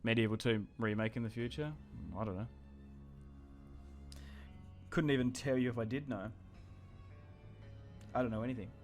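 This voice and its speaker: A man's voice: medium pitch, moderate pace, long pauses. Young australian man, streamer, casual sweary commentary, faint music behind. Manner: laid-back, sweary, rambling.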